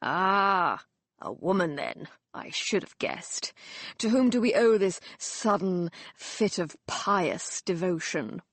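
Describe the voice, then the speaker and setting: A woman voicing a drunken, mocking young Victorian gentleman who talks loudly and slurs his words. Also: on the low side, sing-song, takes it slowly, dry recording, full character voice. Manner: loud, slurring, teasing.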